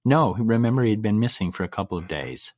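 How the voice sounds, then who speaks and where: On a podcast, a middle-aged man with a deep, low, slightly mellow voice shares a personal story in casual fashion. He's animated yet earnest and halting, frequently stopping to restart phrases. The close recording is dry, with no room sound.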